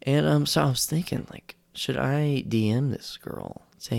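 A young man rambles through a casual podcast story, poking fun at himself. His voice has a gravelly, creaky texture. The sound is close and dry, with no room echo. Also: mid-range voice, a little slow, few pauses. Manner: rambling, self-deprecating, acts out quotes in raised voices. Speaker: podcast host.

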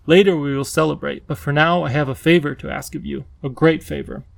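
A lisping, excitable creature king from a storybook, pitched a little high with a gravelly edge, as a male narrator puts him on. He gushes and pleads, always eager for company. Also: a little fast.

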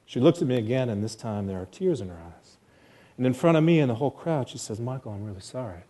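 A man's voice: medium pitch, expressive, quick pace, mellow. A man from the United States telling a personal story to an audience, earnest and self-deprecating, in vivid present tense.

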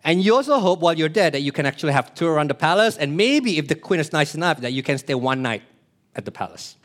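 A man's voice: on the high side, sing-song, quick pace, fairly bright tone. A man preaching a sermon, explaining earnestly, repeating key phrases and asking the congregation questions. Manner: plays short voices in his illustrations.

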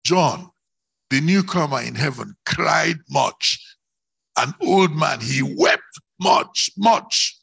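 A man preaching a sermon, slow and declamatory, rising into emphatic shouts on key words. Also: a little high, lively intonation, gravelly, slightly rough.

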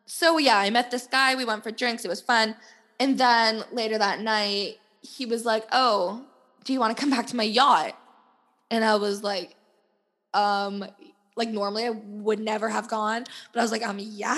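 A woman's voice: fairly high pitch, steady tone, measured pace, a bit bright. A young woman in her twenties hosting a casual solo podcast, talking candidly with lots of "like" fillers and laughter. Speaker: podcast host. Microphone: podcast mic.

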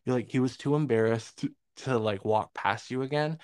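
A man's voice: medium pitch, moderate pace, a little mellow, clean tone, dry recording. A young man co-hosting a podcast, telling a story in a teasing, crude way and acting out what he said. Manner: teasing, crude, quotes himself a lot. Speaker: podcast co-host. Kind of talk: casual storytelling chat.

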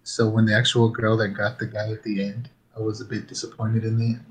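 A man hosting a podcast in casual chat, hoarse from losing his voice, talking in a laid-back, rambling way. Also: fairly low pitch, monotone, a little fast. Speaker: podcast host.

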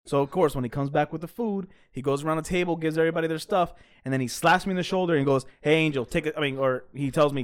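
A man's voice: fairly high pitch, racing. A man co-hosting a podcast, telling a story in casual, profane chat. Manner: animated, profane, laughs while telling a story. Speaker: podcast co-host.

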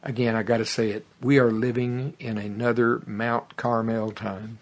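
A man preaching a fervent sermon that builds to loud exclamations, then leads a prayer. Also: medium pitch, level tone, normal speed. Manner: fervent, rising to exclamations, tongues.

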